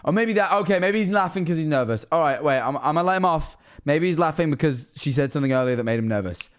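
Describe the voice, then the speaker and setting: Young male streamer, lightly raised pitch, animated, profane reaction commentary. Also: quick pace, clear, resonant tone. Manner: animated, swearing, jokey.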